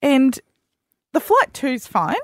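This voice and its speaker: A woman's voice: high voice, wildly swooping pitch, slow pace, no room sound, studio quality. A woman co-hosting a radio show, telling a story in casual on-air banter with playful teasing. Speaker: radio co-host.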